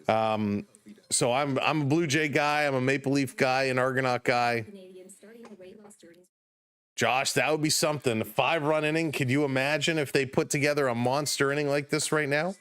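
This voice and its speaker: The voice is mid-range, clear and resonant, at a moderate pace with no echo. It belongs to a Toronto man with a Canadian accent hosting a live baseball stream; he calls plays casually, replies to chat and greets viewers by name, moving between calm and excited, tired and up past bedtime because of the late game.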